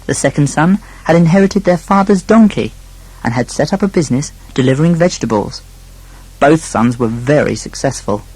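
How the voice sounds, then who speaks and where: Husky man telling a children's story. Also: a little high, animated, normal speed, rough recording. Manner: gentle, addresses the young listener. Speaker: narrator. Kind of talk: scripted storybook narration.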